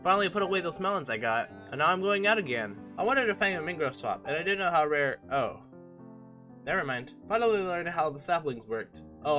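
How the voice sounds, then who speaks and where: Bright-voiced young man narrating gameplay. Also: on the high side. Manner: casual, joking, self-mocking. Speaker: gaming channel host. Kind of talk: voice-over commentary on gameplay.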